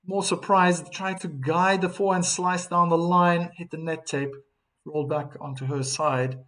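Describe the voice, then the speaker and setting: High-voiced chatty male tennis streamer. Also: fairly even intonation, moderate pace, fairly bright tone. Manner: chatty, reads viewer comments between points. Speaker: live stream tennis commentator. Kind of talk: live streaming commentary.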